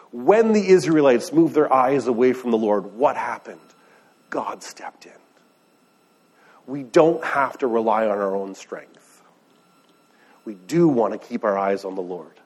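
A man's voice: lowish voice, a little mellow, breathy edge. A man preaching a sermon in a conversational way, asking the listeners questions and retelling scripture in everyday words. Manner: conversational, asks the room questions. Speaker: pastor.

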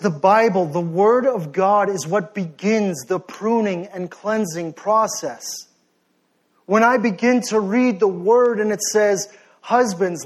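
A young man preaching a sermon with passion, swinging between forceful exhortation and sheepish, joking asides. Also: high voice. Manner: passionate, rising to near-shouting then softening to sheepish asides.

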